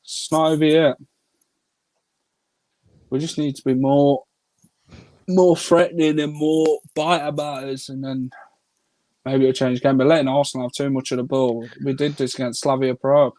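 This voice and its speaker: A man's voice: medium pitch, little pitch movement, normal speed, pauses often, darkish tone, no room sound, rough recording. A man co-hosting a live football watchalong who passionately urges the team on and tells match stories. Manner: passionate, urging, storytelling. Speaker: co-host football fan. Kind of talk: casual live watchalong chat.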